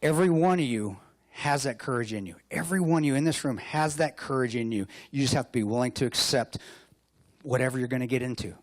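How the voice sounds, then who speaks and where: A man's voice: medium pitch, quick pace, no room sound. A man delivers a motivational talk at a luncheon in a mid-range voice, mixing war stories with self-mocking jokes. He hammers points home with punchy, repeated phrases. The sound is close and dry with little room. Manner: joking, self-mocking storyteller. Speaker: keynote speaker. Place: hotel luncheon hall.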